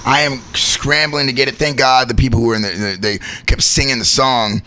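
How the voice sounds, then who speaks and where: Host, male, thirties, bright voice, animated storyteller. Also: medium pitch, a little fast, a little hiss or hum. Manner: animated, laughing, acts out stories. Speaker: host and wedding DJ. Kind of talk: casual storytelling chat.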